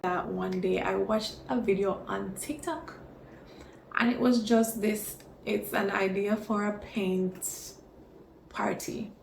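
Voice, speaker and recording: Chatty woman with a gravelly voice. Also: mid-range voice, takes it slowly, a little hiss or hum. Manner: expressive, chatty storytelling. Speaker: vlogger. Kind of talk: casual pregnancy vlog chat. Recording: echoey room.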